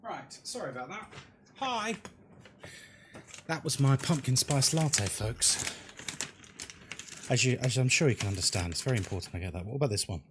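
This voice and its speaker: A man's voice: mid-range voice, fairly quick, pauses often, noisy background. A man, chatting casually with viewers as a horror game streamer. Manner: chatty, animated, jokey, talks to chat as folks. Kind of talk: casual live-stream chat.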